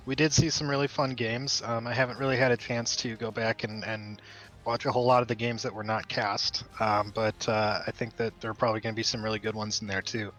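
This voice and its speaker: A man co-casting a live stream, speaking in a measured way with lots of hesitant ums. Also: on the low side, level tone, a bit bright, rough recording. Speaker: co-caster.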